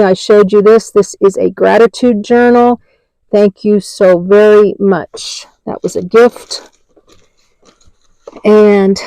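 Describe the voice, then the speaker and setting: A woman's voice: medium pitch, dark tone, no room sound, poor audio. An older woman giving a chatty, homey show-and-tell tour from inside her parked car, naming items one by one. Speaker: vlogger.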